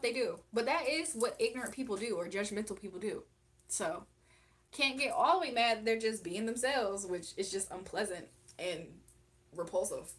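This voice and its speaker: Woman on a livestream reading chat, blunt and chatty, laughs a lot, mid pitch. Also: fairly bright tone. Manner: blunt and outspoken, laughs often. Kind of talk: casual live chat.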